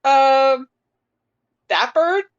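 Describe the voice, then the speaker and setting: A woman narrating as game master of a tabletop game, relaxed and patient, with casual fillers. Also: high-pitched, drawn-out words, dull audio.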